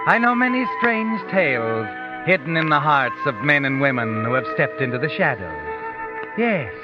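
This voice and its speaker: A man's voice: medium pitch, very animated, moderate pace, close to an everyday voice. An actor playing a mysterious, all-knowing male narrator in a 1940s radio drama, speaking in an ominous, taunting way. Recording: dull 1940s radio broadcast with music. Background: music.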